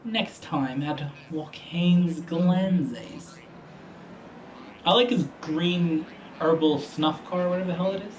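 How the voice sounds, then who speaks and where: A man's voice: on the high side, takes it slowly, a little hiss or hum, low-quality recording. A man streaming a racing game, talking casually with heavy slang and profane trash talk. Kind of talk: casual gaming commentary.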